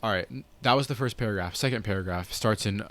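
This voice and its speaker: A man's voice: lowish voice, quick pace, a bit bright, slight background noise. A young man chatting casually on a podcast, reading his own story draft aloud, rambling with many restarts. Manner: rambling, restarts, lots of 'like'. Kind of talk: casual chat.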